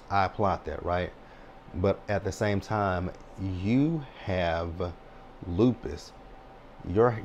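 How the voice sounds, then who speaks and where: A man's voice: sits low, a little mellow, slight background noise. A man in his thirties giving a blunt, sassy, chatty recap of a reality show. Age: 30s. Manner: sassy, blunt, chatty with frequent "child" and "right?". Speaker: TV recap host.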